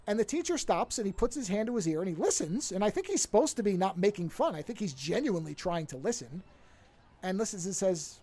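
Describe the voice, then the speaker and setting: High-voiced man rambling through a story. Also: expressive, a little fast, warm tone. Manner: rambling storyteller, corrects himself mid-story. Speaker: podcast co-host. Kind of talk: casual chat retelling a film plot.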